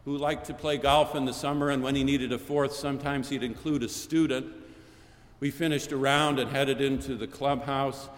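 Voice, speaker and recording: An older man delivers a sermon from a chapel pulpit, mid-pitched and unhurried. He builds his points in rhetorical lists and repeated phrases. His voice rings out into the long reverb of a large chapel. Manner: measured, rhetorical cadence with lists and repetition. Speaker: preacher.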